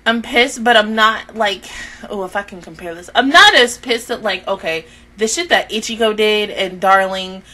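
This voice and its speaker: A woman's voice: mid-range voice, moderate pace, bright, forceful tone. A young woman reacting to an anime episode on her channel, exasperated and swearing, sighing and trailing off between broken sentences. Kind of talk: emotional reaction vlog.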